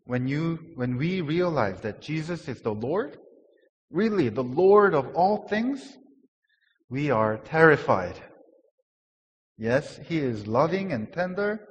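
A man preaching a sermon at an unhurried pace, earnest and repeating words for emphasis. His voice swells on key phrases and then falls quiet. A long reverb trails behind him as in a church hall. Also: a little high, very animated, lo-fi sound. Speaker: pastor.

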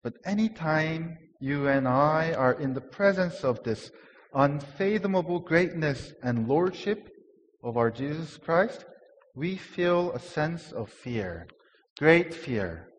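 A man preaching a sermon in an earnest way, repeating words for emphasis, rising in volume on key phrases and dropping to a hush. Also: fairly high pitch, lively intonation, slow pace. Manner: swells louder on key phrases, then drops to a hush. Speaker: pastor. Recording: long hall reverb.

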